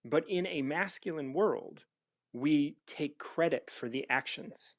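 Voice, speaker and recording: A man's voice: fairly high pitch, takes it slowly. A man hosting a casual spiritual discussion, talking thoughtfully with frequent restarts. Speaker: recovery mentor and host.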